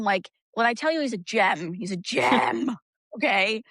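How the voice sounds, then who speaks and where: A woman guest on a podcast, talking candidly with frank swearing and lively storytelling. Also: fairly high pitch, moderate pace, dry recording, studio quality. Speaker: guest, energy practitioner. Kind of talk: casual podcast conversation.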